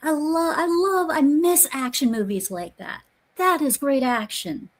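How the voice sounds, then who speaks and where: A woman's voice: high-pitched, lively intonation, unhurried. A woman hosting a casual podcast chat, rambling and often restarting her sentences. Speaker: podcast host. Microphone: remote podcast call.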